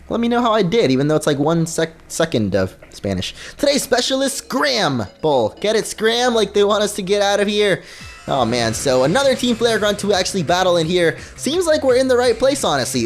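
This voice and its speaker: A man hosts a video game playthrough with goofy, joking commentary. His voice sits high and swings widely in pitch, with faint music playing under him. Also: sing-song, fairly quick. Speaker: let's play host. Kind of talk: gameplay commentary.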